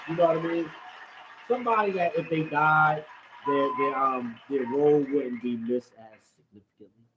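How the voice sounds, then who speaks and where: A man's voice: on the high side, normal speed. A man ranting casually to his viewers, profane and repetitive, jumping from topic to topic. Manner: profane, animated, repeats himself. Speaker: vlogger. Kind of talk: casual rant to camera. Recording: echoey room with faint background noise.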